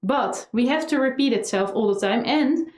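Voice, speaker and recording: A woman's voice: sits high, darkish tone. Upbeat woman violin teacher, echoey room. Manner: chants practice rhythms slowly; playful, encouraging, teasing. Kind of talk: online music lesson. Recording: roomy echo, violin music behind.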